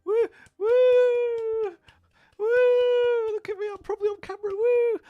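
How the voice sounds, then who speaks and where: A man's voice: fairly high pitch, moderate pace, dry recording, phone-quality sound, lightly acted. A man putting on an overexcited male corporate CEO who gushes and whoops on stage. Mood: whooping.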